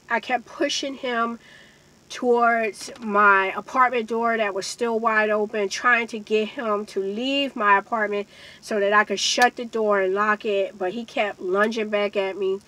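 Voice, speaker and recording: Speaking straight to her audience, an adult woman vlogger with a child delivers an emphatic, earnest storytime monologue about something personal and emotional. Her voice sits on the high side with a fairly bright tone, captured in a rough recording.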